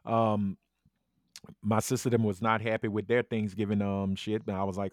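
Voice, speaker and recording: A man, co-hosting a podcast and telling food stories in casual, animated chat. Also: lowish voice, normal speed, dry recording, studio quality. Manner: animated storyteller, laughs often. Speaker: podcast co-host.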